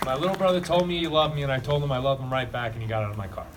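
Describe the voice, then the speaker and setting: A man's voice: mid-range voice, rapid-fire. A man giving a rambling, heartfelt eulogy to a crowd at a memorial gathering, talking bluntly and casually. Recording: distant mic with noisy ambience.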